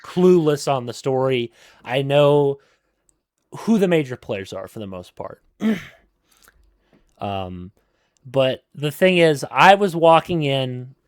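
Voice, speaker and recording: A man's voice: medium pitch, sing-song, takes it slowly, long pauses, no echo, clean studio sound. A man co-hosting a casual gaming podcast, rambling with lots of fillers and restarts. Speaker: podcast co-host.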